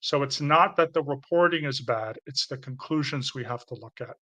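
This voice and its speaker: Chatty Canadian man, bright voice. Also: mid-range voice, normal speed. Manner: chatty and rambling, with frequent restarts. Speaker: channel host answering comments. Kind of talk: casual livestream chat.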